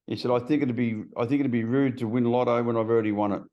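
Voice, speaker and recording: A man's voice: mid-range voice, steady tone, quick pace, highs cut off. Man, Australian accent, middle-aged, blunt, swears freely, video call. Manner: blunt, swears freely, acts out quoted voices. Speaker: guest in recovery. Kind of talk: casual storytelling chat.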